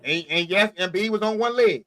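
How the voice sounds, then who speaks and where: A man's voice: sits high, a little fast, pushed and bright, dry recording, clean studio sound. A man co-hosting a sports podcast, pressing the others with questions and teasing them in casual banter. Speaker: podcast co-host.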